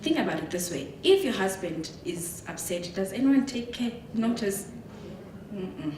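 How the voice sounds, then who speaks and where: A woman from South Africa giving a motivational talk, telling her story in a lively way with frequent laughter. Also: medium pitch, unhurried, a little hiss or hum. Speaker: guest speaker. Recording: echoey hall, distant mic.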